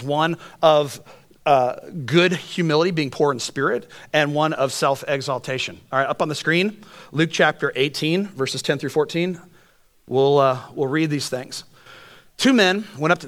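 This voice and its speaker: Here a man delivers a sermon as a pastor, spinning jokey, spirited stories. He moves abruptly from that playfulness to gentle, heartfelt softness.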